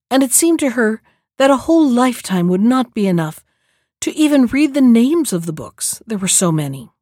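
A woman's voice: medium pitch, no echo, studio quality. Woman reading a fairy tale aloud. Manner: calm, measured storybook narration. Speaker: storyteller.

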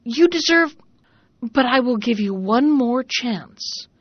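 A woman reading the lines of a stern old male holy hermit in a slow, solemn storybook voice, in a dull lo-fi recording. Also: fairly high pitch, animated, no echo.

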